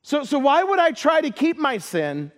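A man's voice: very high-pitched, huge pitch swings, normal speed. A man preaching a sermon as a pastor, earnest, often repeating words as he starts a phrase.

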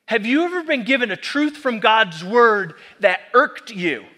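A man preaching a sermon, animated and full of rhetorical questions to the congregation. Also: very high-pitched, unhurried. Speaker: pastor.

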